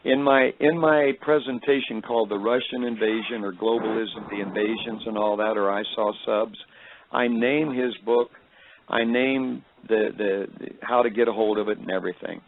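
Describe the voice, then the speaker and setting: A man recounts a personal testimony in a gravelly, tired voice that sits deep tonight. He rambles and halts, filling gaps with hesitations. The sound is thin and phone-like, as if heard over a radio broadcast. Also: fairly even intonation, slight background noise. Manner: rambling, halting storytelling with many fillers. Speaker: speaker recounting a vision.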